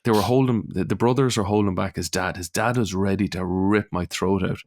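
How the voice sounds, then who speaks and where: A middle-aged Irish man, a comedian, telling a story in casual chat, animated and sweary, acting out the people in it. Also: sits low, a little fast. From Ireland. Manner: animated, swearing, acts out voices in anecdotes. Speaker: comedian guest.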